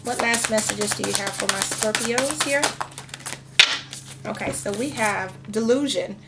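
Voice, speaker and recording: A woman's voice: mid-range voice, a little slow, heavy background noise. Chatty, frank woman reading tarot. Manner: chatty, frank, full of fillers. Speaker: tarot reader.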